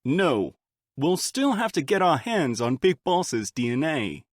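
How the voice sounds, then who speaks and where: A male scientist, as a male audiobook reader puts him on speaks in a polished, measured manner, a little above the reader's usual pitch. He sounds cold and businesslike throughout. The recording is dry and close. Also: sing-song, no echo.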